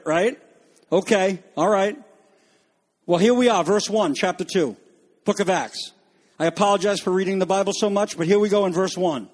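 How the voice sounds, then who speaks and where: A man's voice: high-pitched, animated, a little slow. A man preaching a sermon to a congregation, talking in a conversational, joking way with asides to the listeners. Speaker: pastor.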